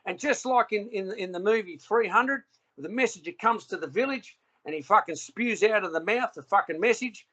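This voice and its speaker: This man argues on a call with a high, bright voice. He swears constantly and keeps repeating questions back at the other caller, refusing to back down. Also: moderate pace. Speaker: call participant. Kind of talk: heated argument on a call.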